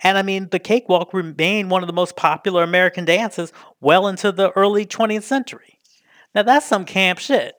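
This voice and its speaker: A man's voice: high-pitched, a little fast, no echo, studio quality. A man hosting a podcast alone, talking casually and with feeling, swearing often and putting on mocking voices. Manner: animated, profane, mocking impressions. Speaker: podcast host. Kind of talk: casual solo commentary.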